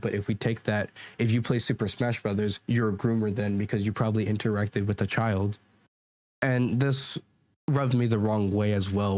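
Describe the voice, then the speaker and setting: A man's voice: on the low side, darkish tone. A man giving rambling, argumentative commentary while reacting to comments, with frequent restarts, into a desk mic at home. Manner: rambling, restarts and fillers, defensive. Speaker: commentary YouTuber.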